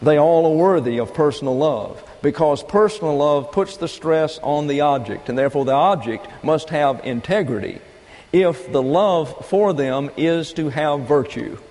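A man preaching a doctrinal sermon, teaching in a measured, methodical way and repeating key phrases. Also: on the high side, a little mellow. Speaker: pastor. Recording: long reverb of a large hall.

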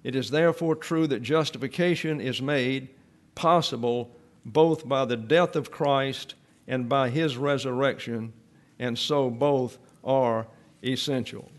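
A man preaching an expository sermon, teaching slowly and deliberately and repeating key phrases for emphasis. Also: medium pitch.

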